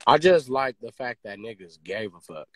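A man talking in a casual podcast chat, excitable and swearing freely, his pitch jumping high when he gets worked up. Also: normal speed, dry recording. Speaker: podcast host.

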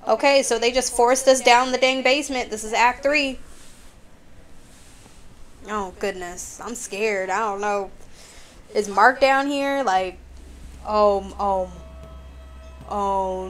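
A woman's voice: medium pitch, fairly even intonation, slow pace, pauses often, slight background noise. A woman playing a horror video game, chatting nervously to her viewers as she goes. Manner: jittery, chatty, talks to viewers as y'all. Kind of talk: let's play commentary.

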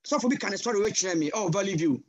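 A man with a Ghanaian accent preaching a sermon over a video call, passionate and switching between English and Twi with sudden loud cries. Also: high voice, expressive, fast, no room sound, muffled recording. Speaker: guest pastor.

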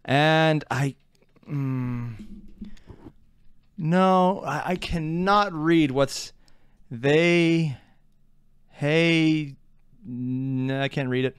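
A man hosting a casual reaction video, excitable and laughing often as he comments. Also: drawn-out words, long pauses, clear, resonant tone, no echo, clean studio sound. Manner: excitable, laughs often, pitch jumps high.

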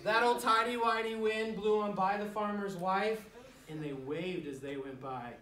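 A woman, a children's author, reads a rhyming picture book aloud to young children in a school, playful and animated, with joking asides to the kids. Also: medium pitch, normal speed, slight background noise. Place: school room full of first graders. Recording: echoey room, distant mic, loud children. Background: children chattering and laughing.

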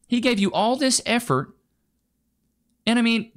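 Man, casual commentary host, blunt, slangy, very lively pitch. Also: fairly quick. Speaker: host reacting to clips.

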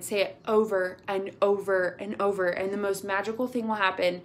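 Woman, team leader on a video call, casual motivational pep talk, gushing and chatty, mid pitch. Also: little pitch movement, normal speed, few pauses. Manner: gushing, upbeat, lots of "like" and "y'all".

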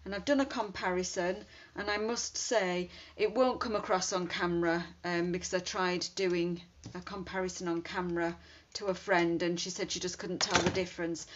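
A woman's voice: lowish voice, flat delivery, moderate pace, hardly any pauses. A woman chatting casually while demonstrating card making, thinking aloud as she works. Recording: dull lo-fi sound with faint hiss.

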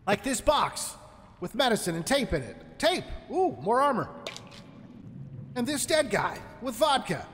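High-voiced man narrating his gameplay. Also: big pitch swings, measured pace, a bit bright, long reverb tail, faint music behind. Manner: chatty, jokey, talks to enemies. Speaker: gameplay commentator. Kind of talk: let's play commentary.

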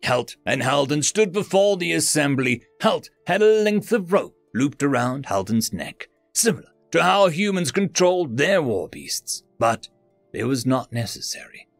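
Guy reading a sci-fi story, gravelly voice, big pitch swings, dry mic w faint music. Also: measured pace, no echo. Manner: expressive, dramatic. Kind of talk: scripted story narration.

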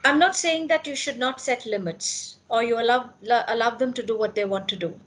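Woman, fairly high voice, earnest, speaks to parents. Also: a little fast. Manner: earnest, asks questions and answers them. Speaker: parenting speaker at a school meeting. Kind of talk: talk to parents.

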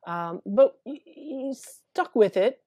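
A woman therapist in a casual interview, talking haltingly and repeating words as she thinks aloud. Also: fairly high pitch, animated, mellow, husky, no room sound, clean studio sound. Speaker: therapist guest.

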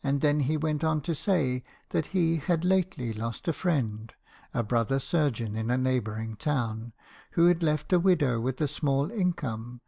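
Male audiobook narrator, mid pitch, gravelly texture, measured expressive first-person reading. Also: dry recording, studio quality.

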